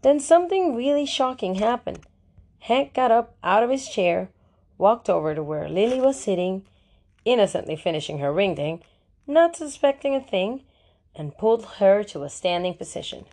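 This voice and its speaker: A woman narrating an audiobook in the first person, with wry, lively storytelling. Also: mid-range voice, moderate pace.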